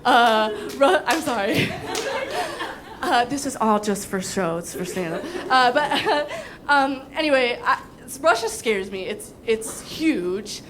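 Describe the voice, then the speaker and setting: A woman's voice: fairly high pitch, expressive, takes it slowly, a bit bright, a little hiss or hum. A young woman doing stand-up, telling a story with casual swearing and frequent giggles. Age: young adult. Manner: giggly, breaks into laughter. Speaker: comedian.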